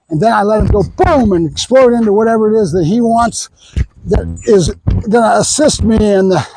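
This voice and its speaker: A middle-aged man training a dog outdoors, explaining plainly between high sing-song bursts of praise. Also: background noise. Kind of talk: casual training demonstration.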